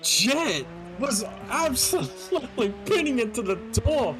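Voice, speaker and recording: A man's voice: very high voice, measured pace, over music. A man co-commentating a sim-drifting final with easy banter. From Australia. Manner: laughing, relaxed banter, then driving play-by-play.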